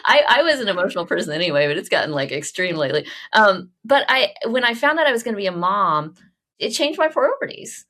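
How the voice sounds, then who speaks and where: A woman in her forties from Oklahoma, hosting a podcast in an effusive, animated, chatty way with frequent laughter. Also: fairly low pitch, fast, few pauses. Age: 40s. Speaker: podcast host. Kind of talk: casual interview chat.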